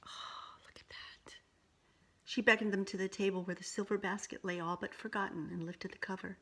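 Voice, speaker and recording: A woman reading a picture book aloud, pausing now and then to show the pictures to a listener. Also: medium pitch, steady tone, slightly rough. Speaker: storyteller.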